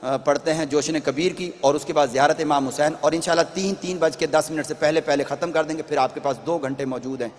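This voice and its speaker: Male announcer, fast and businesslike, slightly high voice, long hall reverb. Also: steady tone. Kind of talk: program announcements. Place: mosque hall.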